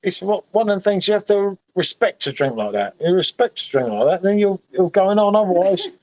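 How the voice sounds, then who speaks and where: Brief: high-pitched man, tipsy, rambling and matey, dull lo-fi stream audio. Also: sing-song, a little fast, darkish tone. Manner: matey, repeats himself, says "mate" a lot. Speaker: livestream host. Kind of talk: casual chat.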